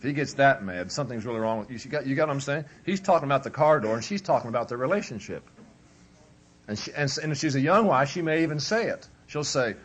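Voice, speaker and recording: A man's voice: medium pitch, animated, fast. A man giving a humorous, conversational marriage workshop as a preacher, acting out husband and wife as he talks. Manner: humorous, conversational, acts out both spouses. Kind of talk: folksy workshop lecture.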